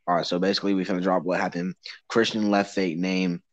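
A man's voice: sits low, flat delivery, quick pace, no echo. A teenage boy hosting a casual podcast with friends, rambling, laughing and swearing as he talks. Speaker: podcast host. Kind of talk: casual chat among friends. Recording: dull muffled lo-fi sound.

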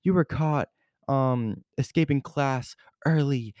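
A man's voice: mid-range voice, takes it slowly, a little mellow, no room sound, studio quality, voice pushed up, close to an everyday voice. A man putting on the voice of a stern woman teacher scolding a student.

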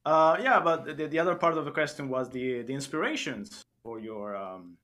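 Male podcast host, casual interview, halting, many fillers, middling pitch. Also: sharp tone. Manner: halting, searching for words, frequent fillers.

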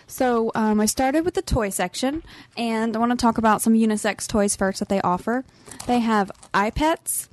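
A woman's voice: fairly high pitch, normal speed. A young woman co-hosting a casual roundtable podcast, laughing often as she presents her store tour segment. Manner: giggly, laughs often between phrases.

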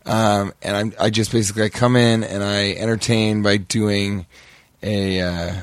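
A man's voice: fairly low pitch, little pitch movement, measured pace, smooth, no room sound. A man co-hosting a comedy podcast, riffing in improvised banter and jumping into crude silly bits. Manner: riffs into crude silly bits and sudden loud character voices. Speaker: podcast co-host.

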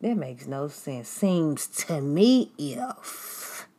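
A woman's voice: sits low, big pitch swings, drawn-out words, mellow. A woman preaching a sermon in an emphatic, repetitive way, now and then mimicking critics in a raised voice.

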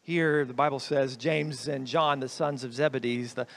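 A man giving a sermon as a guest preacher, telling the story with lively shifts in loudness and emphasis. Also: medium pitch, normal speed, vocal fry.

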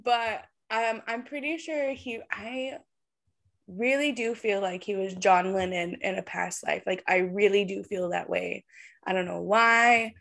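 A woman co-hosting a casual podcast chat over a video call, animated and quick to laugh. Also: medium pitch, creaky. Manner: giggly, animated, laughs often. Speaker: podcast co-host and tarot reader.

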